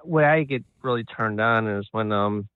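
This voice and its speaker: Stammering guy calling in, tinny phone line, unsure. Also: lowish voice. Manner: hesitant, halting with stammers. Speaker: caller. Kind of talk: phone call-in.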